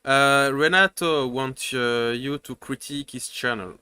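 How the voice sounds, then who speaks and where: A French-accented man hosts a relaxed livestream chat in English. He speaks slowly and haltingly, restarting phrases and filling pauses. His voice is bright and clear, recorded dry and close. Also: mid-range voice, no echo. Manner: hesitant, many fillers and restarts, laughs often. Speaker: host.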